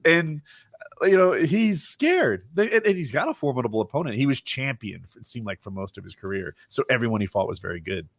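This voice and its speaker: A man's voice: mid-range voice, very animated, fairly quick, no echo. A man co-hosting a podcast, explaining things at length in casual chat. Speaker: podcast co-host.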